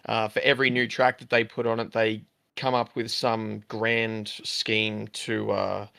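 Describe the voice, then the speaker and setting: Gravelly Australian man, casual and crude. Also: on the low side, little pitch movement, measured pace, pushed and bright, no room sound. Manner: blunt, crude, rambling with many fillers. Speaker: livestream host. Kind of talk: casual chat.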